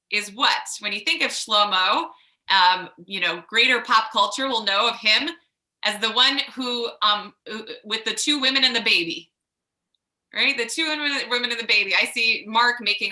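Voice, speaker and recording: A woman with a Long Island accent leading a Shabbat service, teaching in a chatty way with many pauses and chanting Hebrew. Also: mid-range voice, reverberant. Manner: chatty, many ums, warm teaching asides. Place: synagogue sanctuary.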